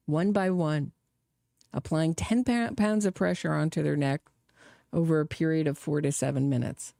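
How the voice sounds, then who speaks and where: A sarcastic woman hosting a true crime stream, talking with open scorn. Her voice is gravelly and dark, and she sits close to the mic in a dry, dead room. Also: low voice, normal speed, dry recording. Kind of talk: live reaction commentary.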